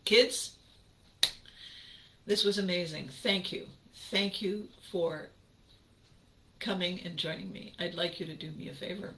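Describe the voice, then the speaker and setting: A woman hosting her own channel, talking casually to viewers, laughing often and drifting into slow, reflective musing. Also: lowish voice, fairly even intonation, fairly bright tone, slight background noise. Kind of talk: casual livestream chat with viewers.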